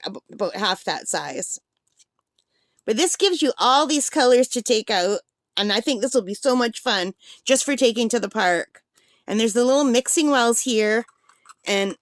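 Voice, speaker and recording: A woman's voice: medium pitch, no room sound. A woman chatting casually through an art supply unboxing, rambling with fillers while she has the hiccups.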